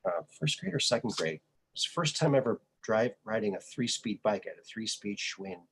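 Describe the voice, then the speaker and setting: A man hosting a podcast, telling personal stories in a casual, animated way and acting out the people he quotes. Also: fairly low pitch, fairly quick, creaky, a little hiss or hum. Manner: animated storyteller who acts out quoted voices. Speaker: podcast host. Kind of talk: casual conversational storytelling.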